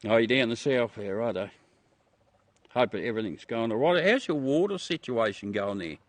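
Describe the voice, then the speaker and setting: Here the same South Australian man hosts a laid-back livestream, swearing freely and addressing everyone as mate in his Australian accent. His mid-range voice is animated and moves at normal speed, with no echo on the recording.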